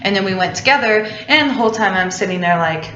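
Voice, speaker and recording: A woman's voice: mid-range voice, lively intonation, fast, pushed and bright, slight background noise. Young woman, casual storytelling, chatty with lots of fillers, roomy echo, slightly muffled sound. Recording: roomy, slightly dull recording.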